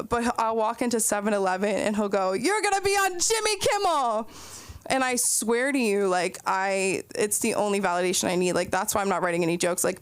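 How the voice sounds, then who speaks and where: A young woman doing a rambling stand-up set, telling stories full of "like" and quick asides. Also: mid-range voice, no echo. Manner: rambling, breathless storytelling with lots of "like". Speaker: stand-up comedian.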